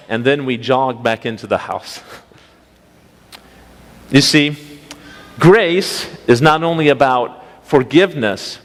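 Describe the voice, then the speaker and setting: Brief: young man, pastoral intern, folksy storytelling sermon, medium pitch, reverberant church. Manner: folksy, anecdotal, rhetorical questions to congregation. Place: church sanctuary.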